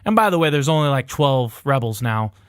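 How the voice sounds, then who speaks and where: A man's voice: mid-range voice, big pitch swings, a little fast, clear, resonant tone, no echo, studio quality. A man casually retelling a movie plot on a podcast, rambling and swearing with jokes along the way. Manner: rambling, profane, jokey retelling. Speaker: podcast host. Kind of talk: casual movie recap chat.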